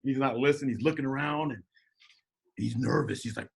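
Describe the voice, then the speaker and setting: A middle-aged man telling a story as a podcast guest, animated and jokey, acting out quotes in shifting voices. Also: mid-range voice, brisk, creaky, breathy edge. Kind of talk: casual storytelling.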